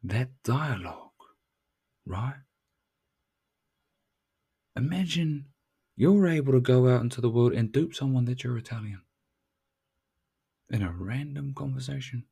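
A man's voice: medium pitch, animated, a little slow, vocal fry, pauses often, warm tone, husky. A man hosting a motivational podcast, brash and profane, full of street slang. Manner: brash, swearing, street slang, calls listener "bruv".

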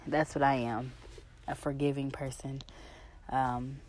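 A woman's voice: extremely low pitch, level tone, measured pace, darkish tone, a little hiss or hum. A young adult woman talking casually and candidly to her viewers, emotional and rambling, swearing freely. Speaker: vlogger. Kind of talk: casual personal vlog talk.

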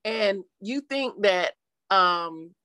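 A woman being interviewed in a casual chat, telling her story animatedly and acting out quotes in lively voices. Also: medium pitch, drawn-out words, no room sound. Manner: chatty, with frequent "you know" fillers. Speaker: interview guest.

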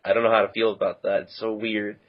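A man's voice: on the low side, little pitch movement, fast talker, muffled recording. A man co-hosting a podcast, casually recapping a manga chapter in a rambling, filler-heavy way. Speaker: podcast co-host.

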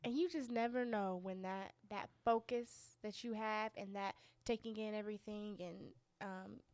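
A woman's voice: medium pitch, fairly even intonation, moderate pace, a little mellow, smooth, no echo. A woman co-hosting a casual chat, chatty and laughing easily. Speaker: podcast co-host.

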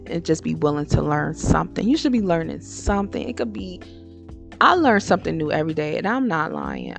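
This woman's voice sits on the low side and has a creaky texture. Hosting her own podcast, she gives candid, slangy advice in a relaxed solo talk, animated and prone to switching into impressions.

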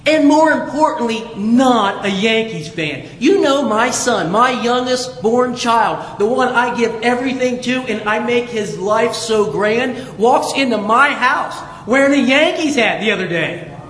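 A middle-aged pastor from Southwest Ohio preaching a sermon in a conversational, storytelling way, chuckling now and then. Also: male voice, extremely high pitch, expressive, a little slow, fairly bright tone, a little hiss or hum. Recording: echoey hall with reverb.

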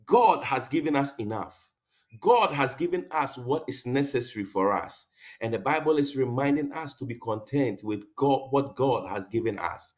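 A male pastor leads morning prayer in a fervent, repetitive way, breaking into tongues between pleas. His mid-pitched voice comes through a dull, lo-fi recording. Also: animated, moderate pace. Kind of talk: devotional prayer session. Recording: dull lo-fi broadcast audio.

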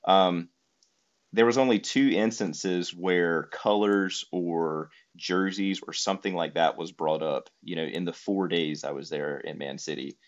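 Deep-voiced man, rambling. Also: measured pace, dull audio. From United States. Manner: rambling storytelling with many fillers. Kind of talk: casual conversation.

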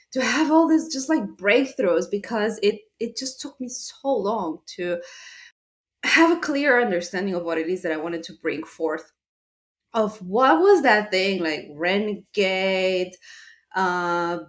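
Woman podcaster, slow unhurried talk, earnest and excited, lots of ums. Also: medium pitch. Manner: earnest, enthusiastic, with fillers and laughs. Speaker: podcast host. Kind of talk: casual motivational talk.

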